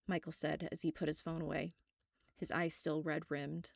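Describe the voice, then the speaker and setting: A woman reading a first-person web serial aloud, steady and wry. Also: low-pitched, normal speed, vocal fry, dry recording, studio quality. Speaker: narrator.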